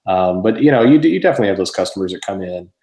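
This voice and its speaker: A man's voice: deep voice, expressive, racing, dark tone, reverberant. A man who owns a comic shop, chatting casually and telling rambling stories with plenty of swearing and laughter. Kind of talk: casual podcast chat.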